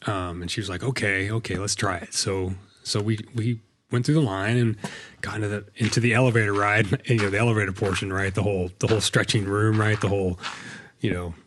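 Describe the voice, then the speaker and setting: Gaming host, middle-aged man, lower register, loose meandering delivery full of fillers. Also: fairly even intonation, a little fast, fairly bright tone. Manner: rambling, lots of fillers and restarts. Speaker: Minecraft let's play host. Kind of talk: casual storytelling while gaming.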